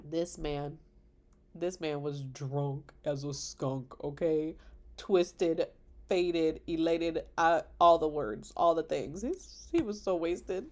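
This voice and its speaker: Young woman, vlogger, casual chat, animated, laughs often, computer mic. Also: low-pitched, slow pace. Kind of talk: casual chat over wedding photos. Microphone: computer microphone.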